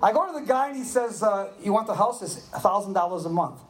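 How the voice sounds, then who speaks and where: A man in his seventies preaching a sermon, telling animated personal stories and checking in with the listeners. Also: sits high, fast talker, a crowd in the background. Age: 70s. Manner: animated storytelling, asks "Are you with me?". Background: audience responding.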